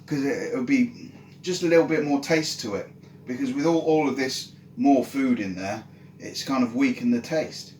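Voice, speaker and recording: A man's voice: medium pitch, normal speed, a little mellow, a little hiss or hum, natural voice. A man voicing a cheerful, resourceful soldier who coaxes villagers, with an upbeat, hesitant manner. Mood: coaxing. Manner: upbeat, coaxing, hesitant restarts. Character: cheerful, resourceful male soldier cooking stew. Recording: roomy echo.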